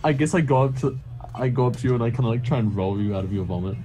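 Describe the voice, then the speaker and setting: A man's voice: mid-range voice, rapid-fire, mellow, soft background music, poor audio. A man playing in a tabletop game, hesitantly describing what his character does. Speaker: player.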